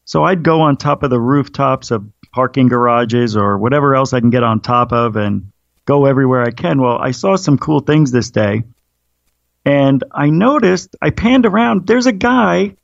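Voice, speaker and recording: Gravelly-voiced man telling rambling stories. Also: medium pitch, animated, normal speed, no room sound, highs cut off. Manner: rambling storyteller with frequent fillers. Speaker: paranormal radio show host, guest. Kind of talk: casual interview chat.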